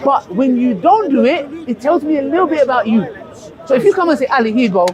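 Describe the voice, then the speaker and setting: A man's voice: very high voice, animated, a little fast, lo-fi sound. A man in a heated street debate, talking passionately and circling back to his point with many restarts. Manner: passionate, repetitive, restarts often. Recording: crowd noise outdoors.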